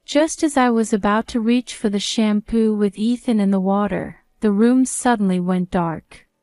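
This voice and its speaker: A woman narrating a first-person story in a calm, even reading voice. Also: mid-range voice, normal speed, no echo, studio quality.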